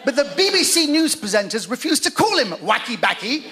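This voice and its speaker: Self-mocking high-voiced man on stage. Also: sing-song, a little fast. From Iran. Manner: chatty, self-mocking, punchy delivery. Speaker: stand-up comedian. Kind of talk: live stand-up routine. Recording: loud live crowd and noise on stage.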